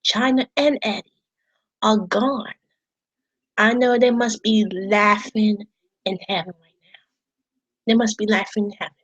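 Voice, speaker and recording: A woman's voice: medium pitch, fairly even intonation, measured pace, a bit bright, breathy edge, dull audio. A woman talking casually to camera about wrestling, rambling and repeating herself, emotional and swearing at times. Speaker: wrestling vlogger. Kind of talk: casual vlog talk.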